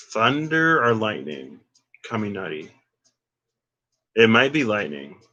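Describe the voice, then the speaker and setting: A man's voice: fairly low pitch, sharp tone. A man giving a casual, rambling tarot card reading, curious and chatty, wandering off on tangents. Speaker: tarot reader.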